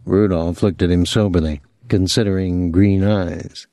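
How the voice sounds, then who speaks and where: A man narrating a novel as an audiobook, reading in a measured, expressive way. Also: low voice, no echo, clean studio sound. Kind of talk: scripted narration.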